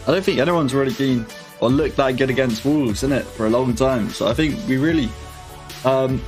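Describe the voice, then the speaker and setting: A man's voice: medium pitch, normal speed, darkish tone. A young man chatting casually on a live football watch-along stream, full of slang and reading comments from his chat. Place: home. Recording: faint music behind.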